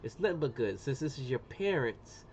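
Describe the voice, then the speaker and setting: A middle-aged man chatting casually on a live stream as he demonstrates an engraving job, slangy and talkative, often saying "boom". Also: very animated, normal speed, darkish tone. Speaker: livestreamer doing laser engraving. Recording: muffled lo-fi sound with faint room noise.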